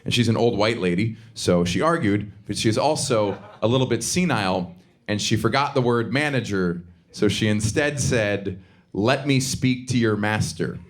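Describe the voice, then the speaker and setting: Sardonic man doing stand-up. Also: normal speed. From Southern US. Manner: sardonic, punchy delivery with sudden high-pitched outbursts. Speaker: stand-up comedian. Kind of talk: stand-up comedy set. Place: theater stage before a live audience. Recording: live stage recording with audience noise.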